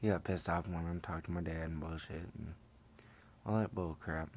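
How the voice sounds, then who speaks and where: A man's voice: sits low, steady tone, normal speed, a little mellow, a little hiss or hum. A young man casually telling a personal story, rambling and swearing with lots of fillers. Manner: rambling, profane, laid-back with many fillers. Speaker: vlogger.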